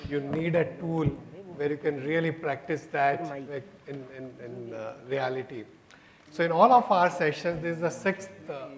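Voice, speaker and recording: A man, moderating a conference and giving hesitant closing remarks with fillers. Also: on the high side. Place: conference hall. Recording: echoey hall with crowd noise.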